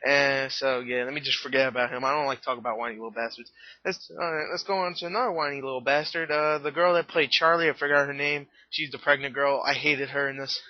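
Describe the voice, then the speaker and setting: A man's voice: mid-range voice, fairly even intonation, fast, dry recording. A tired, slightly out-of-breath man rambles through a casual movie review, laughing and restarting his sentences. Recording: dull lo-fi webcam audio.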